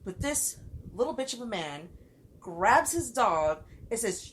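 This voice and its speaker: A woman's voice: mid-range voice, very animated, a little slow, a little hiss or hum, poor audio. A woman co-hosting a podcast, telling a story in casual chat with heated, profane delivery. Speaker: podcast co-host.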